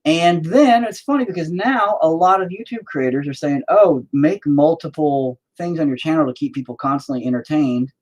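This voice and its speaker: A man's voice: a little high, normal speed, hardly any pauses. A man in his forties chatting casually on a live stream, rambling, profane and sarcastic. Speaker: live-stream host and musician.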